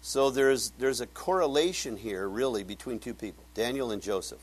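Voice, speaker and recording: Older male preacher with a husky voice, casual storyteller who acts out quotes. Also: medium pitch, moderate pace. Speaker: bible teacher. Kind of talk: casual sermon.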